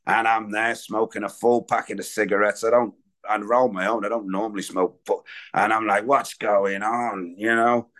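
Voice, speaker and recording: A man's voice: fairly low pitch, little pitch movement, normal speed, a bit bright. A man speaking candidly and in a rambling way at a recovery meeting, sharing his own story. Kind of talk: personal recovery share.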